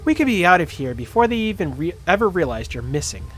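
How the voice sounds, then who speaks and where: A cocky, impatient woman smuggler, voiced by a man at a tabletop game. She is gruff and scoffing, and her voice sits slightly high. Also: very animated, fast, fairly bright tone, a little hiss or hum.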